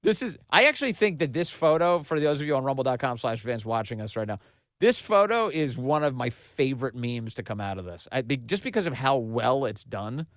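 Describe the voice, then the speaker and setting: A man's voice: mid-range voice, big pitch swings, brisk, no echo. Mocking male podcast host, dry sound. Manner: mocking, sarcastic, laughing. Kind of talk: political commentary.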